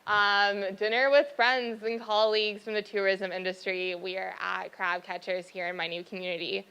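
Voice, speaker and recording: Bright, smooth young woman presenting. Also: mid-range voice, little pitch movement, normal speed, low-quality recording. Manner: teasing, upbeat. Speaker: presenter on marketing. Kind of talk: presentation with banter.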